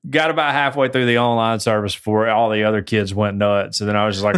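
A man's voice: lowish voice, steady tone, quick pace, a bit bright, smooth. A man from Alabama with a Southern US accent, co-hosting a podcast in easygoing, self-deprecating casual chat and laughing often. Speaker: podcast co-host.

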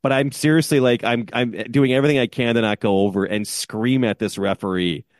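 A man's voice: medium pitch, steady tone, a little fast, no room sound, clean studio sound. A man co-hosting a podcast, telling a self-mocking rant in casual chat. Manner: self-mocking, ranting storyteller. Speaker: podcast co-host.

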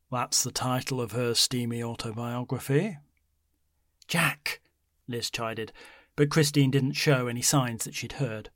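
Brief: male narrator, measured horror storytelling, dry close sound. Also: no room sound. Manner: measured, low-key storytelling.

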